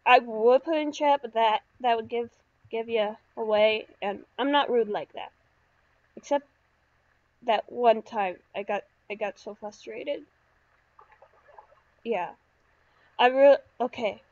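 Woman, high voice, unhurried chatter, excitable yelps, gameplay commentary, slightly dull recording. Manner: excitable, yelps and shrieks when startled. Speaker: gaming YouTuber.

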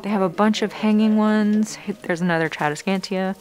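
A woman's voice: mid-range voice, normal speed. A young woman vlogging casually while she shops in a plant nursery, gushing over what she finds. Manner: gushing, excitable, narrating as she browses. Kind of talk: casual shopping vlog narration.

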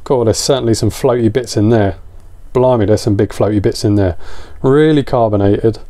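A man's voice: on the low side, moderate pace, dark tone. A man, a little out of breath, chatting casually and enthusiastically as he reviews a beer on camera.

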